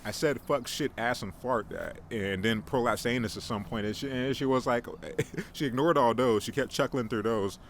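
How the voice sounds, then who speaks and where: A man's voice: medium pitch, normal speed. A young man hosting a casual solo podcast, rambling and joking about himself with lots of restarts. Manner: rambling, joking, self-mocking, frequent restarts. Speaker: podcast host. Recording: faint background noise.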